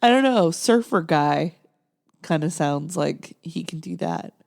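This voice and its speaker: A woman's voice: sits low, animated, unhurried, gravelly, a little mellow, dry recording, clean studio sound. A woman hosting a podcast, chatting casually about films with short reactions and easy laughs. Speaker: podcast host. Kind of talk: casual chat.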